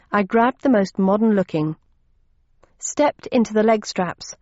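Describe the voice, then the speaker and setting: A woman narrates an audiobook in the first person at a steady, measured storytelling pace. Her voice sits at a middling pitch. The sound is dull and slightly lo-fi, close and dry with no room around it. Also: no room sound.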